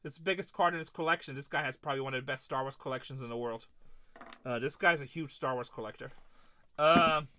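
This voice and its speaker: A man's voice: mid-range voice, fast, bright, forceful tone. A man hosting a live card-break stream, chatting casually and retelling stories of his conversations with customers.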